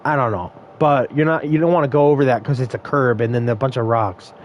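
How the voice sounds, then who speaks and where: A man's voice: mid-range voice, quick pace, highs cut off, a little hiss or hum. A young man casually telling a story from work, rambling, swearing and laughing often.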